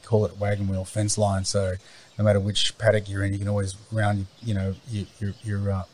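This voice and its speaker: A man's voice: on the low side, completely flat delivery, a little fast, a little mellow, slight background noise. A man as an interview guest, talking casually and rambling with many fillers and restarts. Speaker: interview guest, farm owner. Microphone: remote call mic, cutting in and out.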